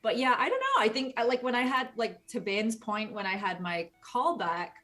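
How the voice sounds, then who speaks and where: A woman's voice: a little high, lively intonation, moderate pace, bright, forceful tone. Chatty woman voice actor. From United States. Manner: chatty, rambling, slips into quoted voices. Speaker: game voice actor. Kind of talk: casual video chat.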